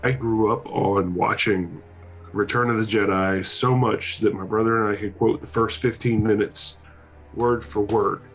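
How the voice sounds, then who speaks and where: Man, low voice, laid-back, opinionated, casual game chat, faint music. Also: fairly even intonation, a little slow, husky, rough recording. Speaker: tabletop game player.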